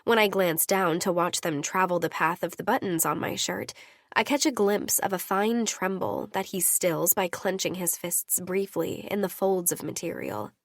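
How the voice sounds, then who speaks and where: A woman's voice: on the low side, moderate pace, dry recording, clean studio sound. A woman narrating a romance audiobook in an intimate first-person reading.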